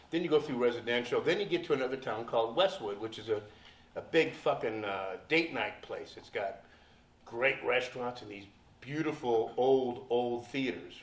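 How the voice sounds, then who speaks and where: An older man telling stories on a convention panel, profane and animated, often laughing as he talks. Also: medium pitch. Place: convention hall. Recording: echoey hall, from far off.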